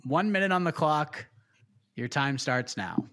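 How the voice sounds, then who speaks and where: A man's voice: fairly high pitch, big pitch swings, a little slow, fairly bright tone. A man hosting a panel show, putting questions to guests in a playful quizmaster way. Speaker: host. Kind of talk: game-style panel hosting.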